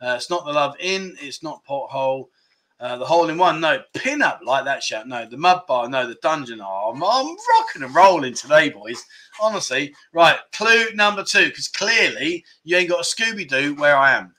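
Middle-aged English livestream host, chatty storyteller, slightly high, bright tone. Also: male voice, lively intonation, unhurried. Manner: chatty storyteller reading viewer comments aloud. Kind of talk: casual livestream chat.

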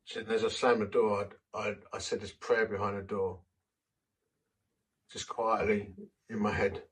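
A man's voice: lowish voice, little pitch movement, unhurried, slightly rough, recorded from a distance. A man who is a vicar, telling a story in a sermon in a self-deprecating, anecdotal way and acting out the quotes.

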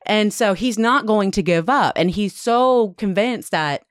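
A woman casually retelling a dark history story, acting out the quotes with lots of "like". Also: medium pitch, a little slow, clean tone, no room sound, clean studio sound. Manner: animated retelling, acts out quotes, frequent "like". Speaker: podcast host telling a history story.

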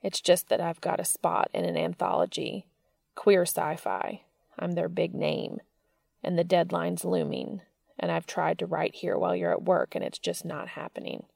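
A woman reading the lines of an intense, tender adult male writer in a story, in her own low voice. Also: steady tone, moderate pace, vocal fry, darkish tone, no room sound, studio quality. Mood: earnest.

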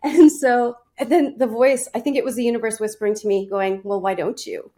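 A woman's voice: fairly high pitch, brisk, mellow. A woman in her forties, a fitness and nutrition coach, chatting as a podcast guest, with frequent laughs and restarts. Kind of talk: casual interview storytelling.

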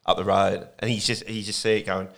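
A man's voice: fairly low pitch, flat delivery, fairly quick, gravelly, fairly bright tone. A man in casual chat, recounting things in a plain, matter-of-fact way with hesitant fillers.

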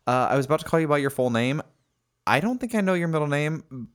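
A man co-hosting a casual podcast, playful and giggly with quick comebacks. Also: on the high side, lively intonation. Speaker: podcast co-host. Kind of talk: casual banter.

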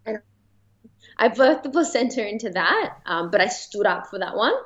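Woman, Australian accent, podcast guest, chatty storytelling, filler-heavy, mid pitch, slightly muffled recording. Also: lively intonation, moderate pace, fairly bright tone. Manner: chatty, many fillers, laughs while telling. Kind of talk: casual personal storytelling.

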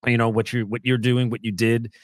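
A man hosting a podcast, talking in a rambling, halting way with many restarts. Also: mid-range voice, level tone, no room sound, studio quality. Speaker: podcast host. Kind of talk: casual podcast chat.

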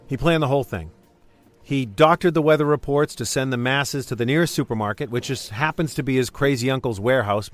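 A man's voice: medium pitch, natural voice. A man playing a pedantic horror snob in a comedic audio drama, dry and lecturing. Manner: dry, lecturing, wordy delivery.

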